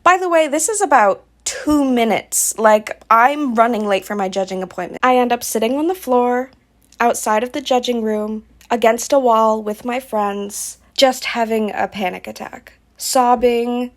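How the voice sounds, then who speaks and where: A woman's voice: on the high side, unhurried. Candid woman vlogger telling a story. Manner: candid, emotional, frequent "like" fillers. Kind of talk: casual storytelling narration.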